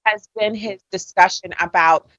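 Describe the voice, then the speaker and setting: A woman's voice: mid-range voice, steady tone, normal speed, fairly bright tone, highs cut off. A woman hosting a political interview on radio, friendly as she wraps up the segment. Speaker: radio host.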